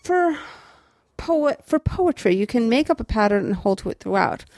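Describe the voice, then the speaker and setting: A woman's voice: fairly high pitch, sing-song, normal speed, darkish tone, no echo, studio quality. A woman teaching writing, explaining patiently with small restarts and tapping out rhythms as she goes. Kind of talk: explanatory lecture on prose rhythm.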